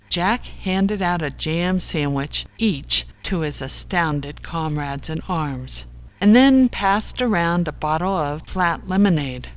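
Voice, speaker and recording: A slow, measured storyteller reads a comic novel aloud. The delivery is unhurried and steady, at a middling pitch, with each phrase given room. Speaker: audiobook narrator. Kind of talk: scripted narration.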